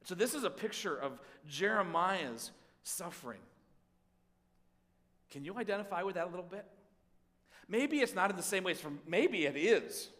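Guy preaching, fairly high voice, big hall echo, goes from pleading loud to real quiet. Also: lively intonation, normal speed, pauses often. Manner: voices prayers aloud, swings between pleading and hushed; repeats words and restarts often. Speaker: pastor. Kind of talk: sermon.

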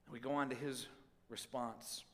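A man preaching a sermon, voicing prayers aloud and swinging between pleading and hushed tones, often repeating words as he goes. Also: mid-range voice, steady tone, moderate pace, in a large hall. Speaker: pastor.

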